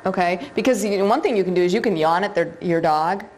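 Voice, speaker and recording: A woman with a lowish voice leads a seminar, chatting with the room and asking it questions. She talks loosely, with fillers and restarts. A faint hiss runs under her voice. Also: quick pace, a little mellow. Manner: conversational, addresses audience, many fillers. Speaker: seminar instructor on dog behavior. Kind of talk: live seminar lecture.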